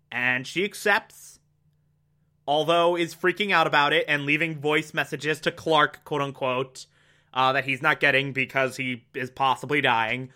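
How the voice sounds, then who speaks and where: A man recapping a TV episode in casual chat, fond of fillers and quick to laugh. His voice sits a bit high and sounds bright and forceful. He takes his time with an unhurried delivery. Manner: chatty, laughs often, lots of fillers. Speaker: podcast host.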